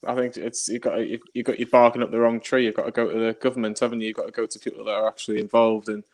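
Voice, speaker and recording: A man guesting on a live stream, speaking bluntly and quickly. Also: mid-range voice, flat delivery, darkish tone. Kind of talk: casual live stream chat.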